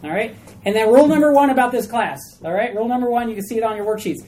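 A woman teaching a small Bible study group in a chatty, animated way, asking questions of the class. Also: a little high, rapid-fire, slight background noise, low-quality recording.

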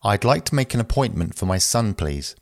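A man reading short phrases aloud for language learners, slow and careful, one at a time. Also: fairly low pitch, sing-song, vocal fry, no room sound, studio quality. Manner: slow, careful, evenly paced phrase delivery. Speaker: phrasebook reader.

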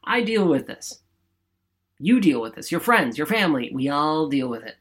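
A man's voice: fairly high pitch, sing-song, moderate pace, a bit bright, slightly rough. A man hosting a podcast alone, giving an upbeat motivational talk in a chatty, emphatic way and often asking "right?". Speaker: podcast host. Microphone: studio microphone.

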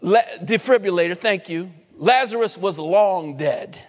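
Man, very high voice, slow deliberate delivery, impassioned sermon, long hall echo. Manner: impassioned preaching, rising to shouts, voicing scoffing critics. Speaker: preacher.

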